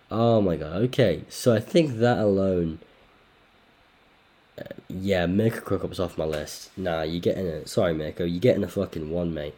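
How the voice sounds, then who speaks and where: Low, dark-voiced sweary man. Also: moderate pace. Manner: sweary, loudly incredulous outbursts. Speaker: podcast host ranking fighters. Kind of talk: casual podcast chat.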